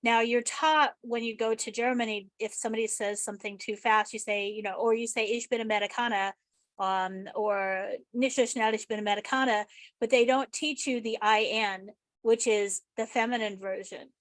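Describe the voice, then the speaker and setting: American woman host, slightly high, rambling and laughing, dry call audio. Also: steady tone, normal speed, no room sound. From United States. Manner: chatty, rambling, laughs easily. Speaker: podcast host. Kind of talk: casual remote interview chat. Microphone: online call.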